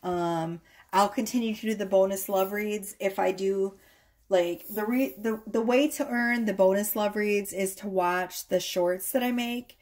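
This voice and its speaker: A woman tarot reader chatting casually to her viewers, rambling a little and often checking in with a quick "okay?". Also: mid-range voice, a little mellow.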